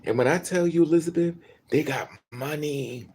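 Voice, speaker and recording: A woman's voice: deep voice, moderate pace, darkish tone, slightly rough. A woman vlogger telling stories in a casual, profane, gossipy monologue and often laughing between remarks.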